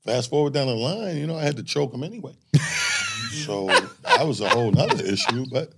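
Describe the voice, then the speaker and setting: A man's voice: medium pitch, very animated, a little fast, gravelly, very noisy. A middle-aged man, a stand-up comedian, tells a story with lots of swearing and laughter and acts out what people said. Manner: profane, laughing, acts out dialogue. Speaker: comedian guest. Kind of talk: animated storytelling with acted-out quotes.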